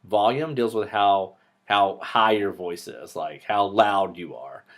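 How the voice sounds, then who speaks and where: Quick, joking male speech instructor. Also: lowish voice. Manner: talks a little fast; lively, joking asides. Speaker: public speaking instructor. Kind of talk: recorded online lecture.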